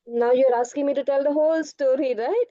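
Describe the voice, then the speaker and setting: High-voiced woman teacher on a video call. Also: fairly quick, warm tone, dry recording. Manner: patient, explanatory, calls students "beta". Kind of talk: online class answering students' questions. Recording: dull online call audio.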